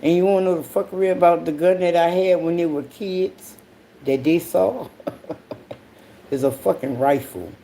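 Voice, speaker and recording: A podcast host telling a story in a casual monologue, blunt and profane, breaking into sudden high outbursts and laughing along the way. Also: moderate pace, gravelly, dark tone, a little hiss or hum.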